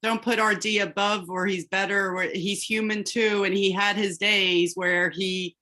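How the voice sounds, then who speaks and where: A woman's voice: mid-range voice, steady tone, measured pace, bright, forceful tone. A woman talking plainly and modestly in a casual video-call chat.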